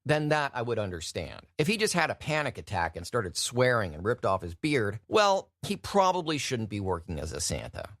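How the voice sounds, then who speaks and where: A man hosting his own podcast, telling stories in a wry, animated way. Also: medium pitch, dry recording, clean studio sound. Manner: wry, animated storytelling with mocking impressions. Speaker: podcast host. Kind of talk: solo podcast monologue.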